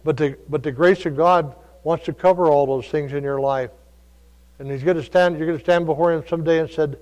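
A man preaching a sermon, telling stories in a folksy way that moves between quiet asides and loud calls. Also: on the high side, brisk. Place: church. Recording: long reverb of a church hall.

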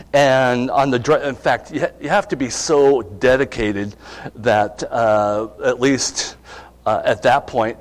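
A middle-aged male pastor preaching a sermon, conversational and asking his congregation questions. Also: mid-range voice. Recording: long reverb of a hall.

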